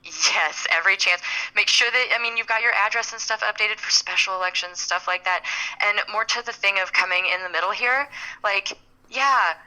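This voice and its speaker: A woman's voice: medium pitch, normal speed, pushed and bright, poor audio. A young adult woman co-hosting a casual podcast chat, talking in a rambling way and stammering now and then as she looks for words. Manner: chatty, rambling, stammers when searching for words. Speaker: podcast co-host.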